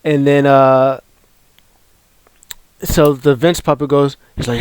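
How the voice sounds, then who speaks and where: Casual recap host: a man, rambling and excitable, in a dry, close recording. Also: mid-range voice, slow, long pauses, clear, resonant tone, dry recording. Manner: excitable, rambling with many fillers and restarts. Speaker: wrestling show recap host. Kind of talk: casual video commentary.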